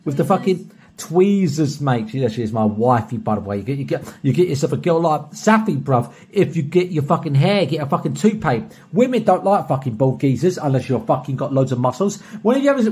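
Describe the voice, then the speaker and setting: Young british guy doing a shoutout vid, husky voice a bit high, swears nonstop, loud then soft. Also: big pitch swings, fairly quick. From Britain. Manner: boisterous and heavily profane, swinging from soft to loud. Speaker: streamer recording a paid shoutout. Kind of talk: personalized video message.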